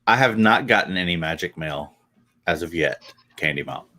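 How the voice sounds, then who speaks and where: A man's voice: deep voice, lively intonation, normal speed, sharp tone. A man in Tennessee co-hosting a casual livestream, laid-back and dry-humored. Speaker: co-host.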